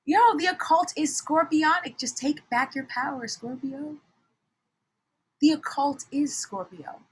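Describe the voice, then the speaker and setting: Young woman, tarot reader, high voice, animated, blunt, loud-soft swings. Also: background noise. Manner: animated, swings from soft mutters to shouts, laughs often, swears. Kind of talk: casual tarot reading monologue.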